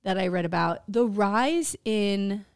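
A woman co-hosting a podcast in casual chat, animated, swearing freely and laughing often. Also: medium pitch, slow pace, smooth, no room sound, studio quality. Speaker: podcast co-host.

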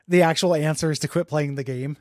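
A man's voice: on the high side, fairly even intonation, fairly quick, darkish tone, no echo, clean studio sound. A man hosting a podcast in casual chat, rambling and laughing at himself. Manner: rambling, laughing, self-deprecating. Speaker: podcast host.

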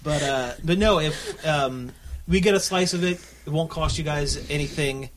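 A man's voice: on the high side, normal speed, noisy background. A man co-hosting a casual podcast, laughing often and restarting his sentences. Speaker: podcast co-host.

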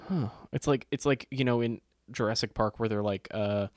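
A man's voice: fairly low pitch, normal speed, a little mellow, dry recording, studio quality. A man co-hosting a podcast, riffing in a rambling, profane, jokey casual chat. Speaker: podcast co-host.

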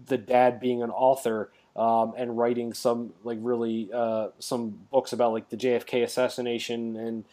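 A man's voice: medium pitch, flat delivery, normal speed, hardly any pauses, mellow. A man co-hosting a podcast in casual chat, rambling along with many fillers and restarts. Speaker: podcast co-host.

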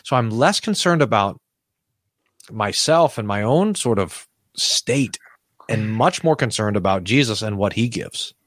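A man's voice: lowish voice, lively intonation, a little slow, fairly bright tone, dry recording, studio quality. A man, a pastor and podcast guest, speaking reflectively and telling pastoral stories in a conversational interview, often restarting his sentences. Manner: storytelling, reflective, frequent restarts.

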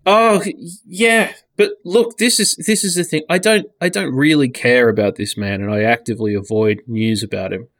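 A man's voice: medium pitch, a little fast, hardly any pauses, no room sound, studio quality. A man in casual podcast chat, blunt and sweary, often restarting his sentences.

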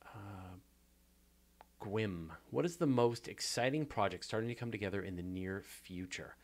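A man's voice: lowish voice, measured pace. A Canadian man hosting a casual viewer Q&A, chatty and self-deprecating, with many fillers and restarts. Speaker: show host answering viewer questions. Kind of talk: casual live Q&A chat.

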